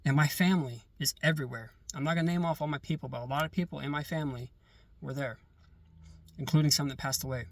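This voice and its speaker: A man casually telling a long story about a dream, halting and repeating words as he gets caught up in it. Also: fairly high pitch, dry recording. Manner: halting, repeats words and restarts when excited. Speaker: vlogger recounting dreams.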